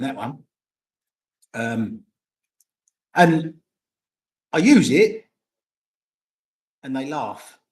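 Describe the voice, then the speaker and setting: An older man, chatting casually and rambling to viewers on a livestream, swearing freely. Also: mid-range voice. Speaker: vlogger. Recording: roomy echo.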